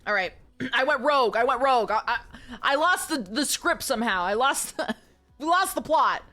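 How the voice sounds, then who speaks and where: A woman's voice: high voice, animated, moderate pace, sharp tone, soft background music. A young woman streamer chatting casually and reading a romance novel aloud, with giggly, self-mocking asides.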